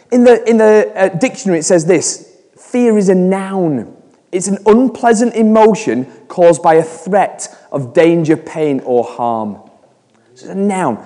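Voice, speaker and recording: A man's voice: high voice, dark tone, in a large hall. A man in his forties giving a chatty sermon, telling stories with frequent restarts. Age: 40s. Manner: chatty storytelling with repeated restarts. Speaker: preacher.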